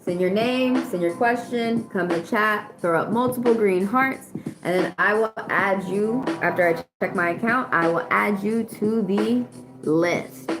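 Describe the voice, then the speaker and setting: A woman's voice: medium pitch, measured pace. Blunt, profane American woman tarot reader. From United States. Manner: blunt, profane, rambling advice. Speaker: tarot reader hosting a livestream. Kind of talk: casual livestream chat. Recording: echoey room with music playing.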